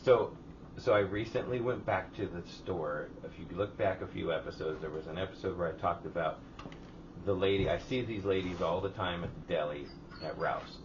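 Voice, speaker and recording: A man with a low voice telling rambling, profane stories on a casual podcast and putting on the voices of the people in them. He sits far from the mic in a hot garage, and the sound is muffled with clear noise behind him. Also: moderate pace. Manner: profane storytelling, acts out others' lines. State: hot and sweating. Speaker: podcast co-host. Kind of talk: casual chat. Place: home garage.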